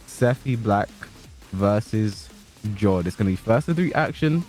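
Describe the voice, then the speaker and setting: A man commentating a fighting-game tournament stream in joking, animated banter with his co-host. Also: fairly low pitch, a little slow, soft background music. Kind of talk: casual esports commentary.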